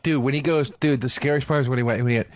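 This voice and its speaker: A man's voice: medium pitch, fairly even intonation, very fast, dry recording. A man co-hosting a radio comedy show from a studio, loose and profane, acting out scenes as he talks. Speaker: radio co-host.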